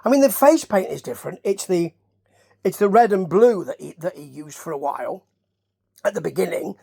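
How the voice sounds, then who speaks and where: A man's voice: high voice, animated, normal speed, creaky, warm tone, husky. A man from Nottingham with a Nottingham English accent, rambling chattily through a wrestling review with asides and questions to the listener. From Nottingham, England. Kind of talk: casual rambling review commentary.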